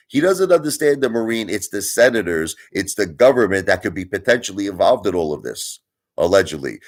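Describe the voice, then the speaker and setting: A man's voice: on the low side, big pitch swings. A man hosting his own channel, ranting at his viewers in a casual way, emphatic and argumentative, often asking "you understand?". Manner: argumentative, speeds up and slows down for emphasis. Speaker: channel host. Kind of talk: casual opinion rant to viewers.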